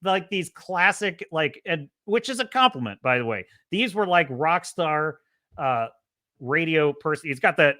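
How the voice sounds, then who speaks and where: Animated male podcast host, bright voice. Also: a little high, normal speed. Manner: animated, opinionated, ranting at times; imitates radio DJ cadence. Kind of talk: casual livestream commentary.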